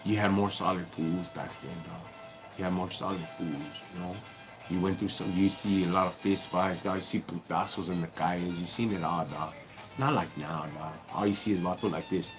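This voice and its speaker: Over background music, a middle-aged livestream host speaks in a low-pitched, steady voice at a normal speed. He comes from Southern California, carries a Chicano English accent, and chats casually in street slang, calling his viewers "homie" and "dog."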